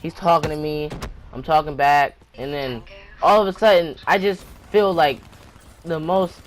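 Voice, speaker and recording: A man's voice: on the high side, fairly even intonation, a little slow, slight background noise. A man hosting his own channel, telling a personal story time tale in a rambling, breathless way, often restarting his sentences. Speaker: channel host.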